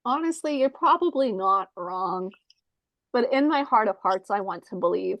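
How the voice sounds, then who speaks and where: A woman's voice: medium pitch, animated, normal speed, a bit bright, no room sound, low-quality recording. Playful woman podcaster, dry close mic. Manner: playful, reads out trip details. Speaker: podcast co-host. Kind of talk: casual comedic chat.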